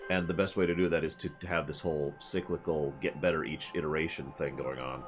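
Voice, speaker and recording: This man's voice rumbles low and holds a steady tone at a brisk pace. He chats casually about his game for his stream audience, rambling, sarcastic and sometimes laughing, while music plays behind him.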